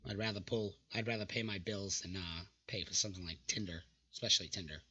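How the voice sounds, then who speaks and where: A man's voice: sits low, quick pace, pushed and bright, muffled recording. A young man hosting casual reaction commentary, mocking dating app messages in an exasperated way and swearing freely. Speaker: channel host reacting to dating app screenshots.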